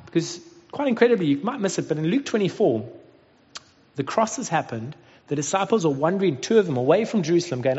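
A man in his thirties preaching a sermon, telling a family story with animated acted-out voices. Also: a little high, fast. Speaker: pastor. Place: Cape Town. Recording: dull sound with long hall reverb.

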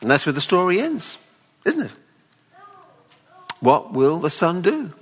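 A man preaching a sermon at a weekend away, expressive and pleading, often acting out the people in the story. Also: on the high side, measured pace. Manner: expressive, voices the father pleading tenderly. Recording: long hall reverb.

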